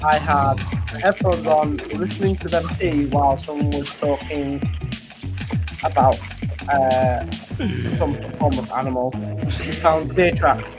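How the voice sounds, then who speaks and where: A British man as a podcast guest, telling an anecdote haltingly with many fillers. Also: on the high side, fairly even intonation, loud music behind the voice. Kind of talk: casual chat.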